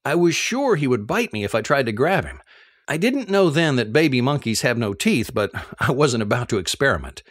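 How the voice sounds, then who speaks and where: A man reading a first-person novel aloud, telling the story in an expressive, animated way. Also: mid-range voice, brisk, no room sound, studio quality. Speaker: audiobook narrator.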